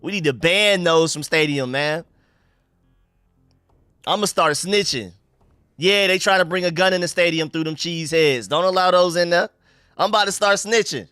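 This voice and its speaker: A young man from the United States hosting a live stream, chatting casually and shouting out viewers and donations. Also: fairly high pitch, normal speed, pauses often, smooth, dry recording, studio quality, faint music behind. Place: home room.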